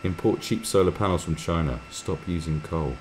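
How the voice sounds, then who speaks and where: A man's voice: deep voice, moderate pace, slight background noise. A man hosting a live stream, reading viewer comments aloud and mocking them in a crude, sarcastic way.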